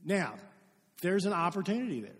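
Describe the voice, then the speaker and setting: A pastor from Kentucky preaching a sermon, telling stories and acting out the dialogue in them. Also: male voice, high-pitched, fairly quick, long reverb tail, slight background noise. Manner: lively storytelling, acts out quoted dialogue.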